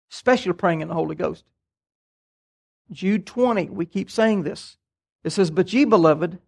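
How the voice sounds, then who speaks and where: An older man, preaching a sermon and telling stories in a folksy, animated way. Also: sits high, vocal fry. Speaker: pastor.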